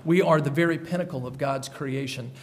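A man's voice: mid-range voice, a little fast, big-room sound. A man delivering an earnest sermon as a pastor, repeating key phrases for emphasis.

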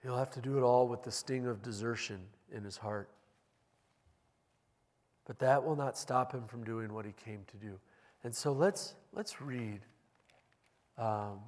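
Male pastor, sermon, measured and deliberate, slow pace, long hall reverb. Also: medium pitch. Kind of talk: sermon with scripture reading.

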